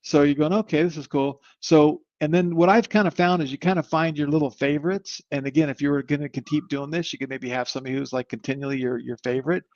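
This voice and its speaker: A man hosting a live webinar, demoing software in an upbeat, rambling sales manner. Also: a little high, fairly even intonation, fast, hardly any pauses, no echo. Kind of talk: live online product demo. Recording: slightly muffled dry audio.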